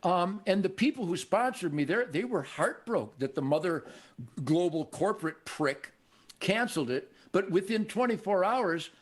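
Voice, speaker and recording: An older man from Michigan hosting a show, telling stories in a cocky, animated way and acting out the voices of people he quotes. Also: sits high, normal speed. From Michigan, USA. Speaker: show host. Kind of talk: casual storytelling conversation.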